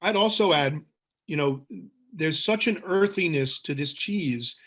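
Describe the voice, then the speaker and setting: A man leading a tasting webinar, talking in a thoughtful, descriptive way and pausing to find the right words. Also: on the high side, animated, a bit bright. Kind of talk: guided tasting talk. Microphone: webinar mic.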